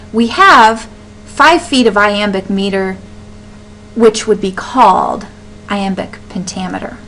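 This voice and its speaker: A woman's voice: medium pitch, a little slow, a bit bright, a little hiss or hum, poor audio. A woman teaching a recorded lecture over slides, explaining step by step, often asking a question and then answering it herself, with frequent ums and restarts.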